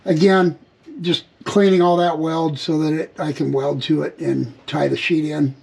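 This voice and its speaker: A vlogger working on his RV casually narrates each step of a hands-on repair to the camera from a workshop area around a vehicle frame. His voice is a little high, level, measured, gravelly and husky with a darkish tone, and the audio quality is poor.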